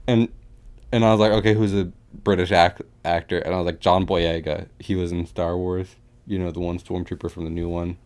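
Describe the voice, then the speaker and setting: A man's voice: low voice, flat delivery, fairly quick, darkish tone. A young man co-hosting a podcast, rambling and joking in casual chat. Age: young adult. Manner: rambling, joking, puts on mock English accents. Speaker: podcast co-host.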